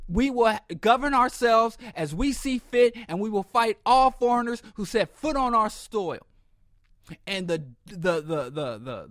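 A man's voice: high voice, a bit bright, no echo, studio quality. A man hosting a podcast, delivering a blunt, sardonic political commentary monologue and often stumbling and repeating words. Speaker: podcast host.

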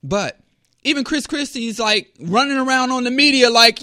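A man's voice: very high-pitched, moderate pace, sharp tone, dry recording, clean studio sound. A man giving a rambling, sarcastic commentary monologue as a podcast host.

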